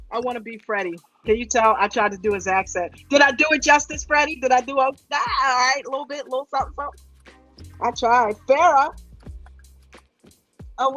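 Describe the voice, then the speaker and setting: A woman's voice: a little high, fairly bright tone. A woman hosting a livestream, casually greeting viewers one by one in a playful, teasing, affectionate way. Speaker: host.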